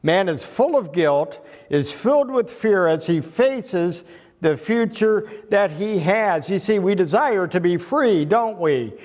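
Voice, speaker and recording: A man's voice: sits high, lively intonation, slow, darkish tone. A man preaching a sermon as pastor, earnest and building to emphatic climaxes. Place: church sanctuary. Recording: long reverb of a church hall.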